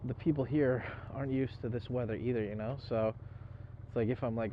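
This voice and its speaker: A soaked, chilled man vlogging a motorcycle trip, talking to camera in a loose, rambling way and swearing freely. His voice sits in an ordinary middle range. The audio is dull and lo-fi, with steady wind and road noise under it. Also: medium pitch, fairly quick. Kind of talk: casual vlog talk to camera. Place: outdoors on a motorcycle and inside a convenience store.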